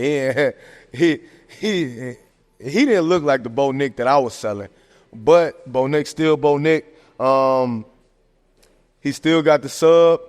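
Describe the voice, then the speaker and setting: A man hosting a podcast, giving casual sports commentary in a slangy, animated rant full of fillers. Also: medium pitch. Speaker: podcast host. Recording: long echoing reverb.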